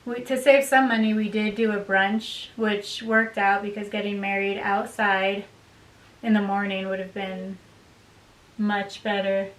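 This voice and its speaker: A woman's voice: medium pitch, flat delivery, unhurried. Chatty woman, roomy distant sound. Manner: chatty and upbeat, laughs often. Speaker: vlogger, bride. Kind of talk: casual chat to camera. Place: home room by a desk. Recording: roomy, distant mic with faint hiss.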